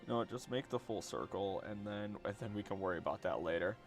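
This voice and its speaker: A man's voice: on the low side, fast talker, music in the background. A man streaming as he draws, chatting casually, muttering to himself and swearing now and then. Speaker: streamer and voice actor. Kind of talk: casual livestream chat while drawing.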